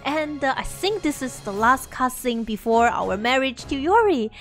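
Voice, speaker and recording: A high-pitched woman talks her way through a farming game in a chatty, excitable commentary. She laughs and gasps often as the story unfolds, with faint game music in the background. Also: moderate pace. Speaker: gameplay video creator.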